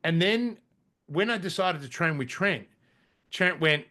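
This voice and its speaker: A man in his forties, a podcast guest telling stories in casual chat, animated, swearing casually and saying "mate" and "right?". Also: fairly high pitch, moderate pace. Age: 40s.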